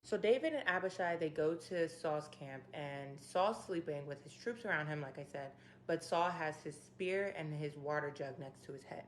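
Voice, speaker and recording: Woman, fairly low voice, casual bible study host, slangy retelling, animated asides. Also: normal speed, few pauses, slight background noise. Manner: animated, opinionated asides to the listener; conversational slang, retelling scripture in her own words. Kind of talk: casual Bible chapter breakdown.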